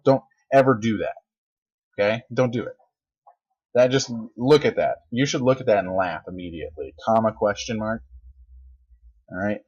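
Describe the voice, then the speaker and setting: A man teaching grammar in a recorded video lecture, lively and joking, with exasperated asides. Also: fairly low pitch, slightly rough. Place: at a desk. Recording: dull lo-fi recording.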